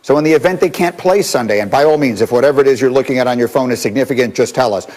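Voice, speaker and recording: A man hosting a sports talk show, brisk and steering the panel discussion. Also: mid-range voice, a little mellow, in a large hall, poor audio. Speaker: host.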